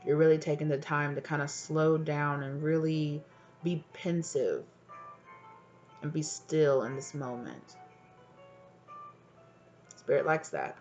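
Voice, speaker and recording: A deep-pitched woman reads tarot for her viewers, talking directly to them in a gentle, soothing way and checking in on them often. The sound is dull and lo-fi, with soft music playing faintly underneath. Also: animated. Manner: affectionate, speaks directly to the viewer with frequent check-ins; soft and soothing, deliberately lowered voice. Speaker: tarot card reader. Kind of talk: tarot reading addressed to viewers.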